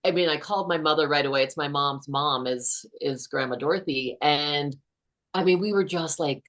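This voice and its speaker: Woman in her 50s, deep voice, earnest slow storytelling, guest on a talk show. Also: fairly bright tone. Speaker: guest author. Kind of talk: personal storytelling in a conversation.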